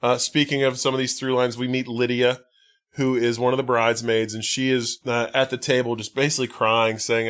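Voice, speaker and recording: A man's voice: medium pitch, level tone, fairly quick, a bit bright, clear, resonant tone. A man hosting a podcast, casually retelling a film's plot with many restarts and filler words. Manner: rambling recap, many likes and restarts. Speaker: podcast host. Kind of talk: casual movie recap chat.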